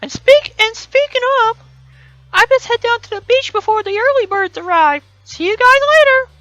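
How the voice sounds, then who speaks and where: A man voicing a sporty, upbeat young woman who works at the beach, in a high falsetto with a breezy, energetic manner, reading from a dating game. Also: normal speed, no echo, lo-fi sound, full character voice.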